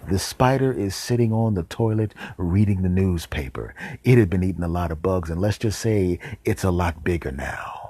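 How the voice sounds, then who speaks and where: A man hosting a podcast, telling a comic story in a deadpan way with dramatic pauses and whispered asides. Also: low voice, breathy edge, no room sound. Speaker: podcast host.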